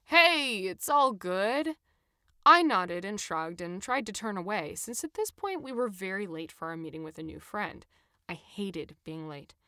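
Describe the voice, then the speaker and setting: A woman reading her own first-person travel memoir with expressive, animated storytelling. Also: on the low side, normal speed, dry recording, clean studio sound. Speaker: narrator.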